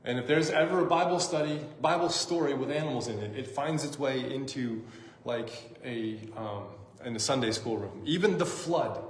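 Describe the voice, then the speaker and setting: A man's voice: medium pitch, normal speed, slight background noise. A man preaching a casual sermon as pastor, chatty and joking, with lots of "like" and "um" fillers. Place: church sanctuary. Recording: echoey church room, faint ambience.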